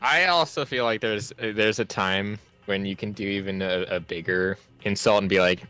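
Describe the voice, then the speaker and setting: A streamer chatting casually, rambling on to explain a point. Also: male voice, lowish voice, normal speed, hardly any pauses, pushed and bright, clean tone, soft background music.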